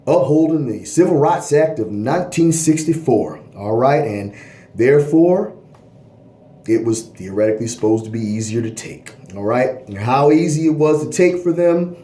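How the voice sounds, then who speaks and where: A man's voice: mid-range voice, dark tone, reverberant. A man from Baltimore giving an unscripted history lecture, rambling and often checking in with "all right?". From Baltimore, USA.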